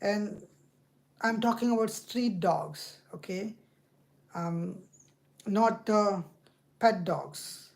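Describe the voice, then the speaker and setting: Woman just chatting, slow and drawn out, keeps saying stuff over. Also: mid-range voice, creaky, a little mellow. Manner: slow, drawn-out speech with repeated words. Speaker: video host. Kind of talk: casual chat.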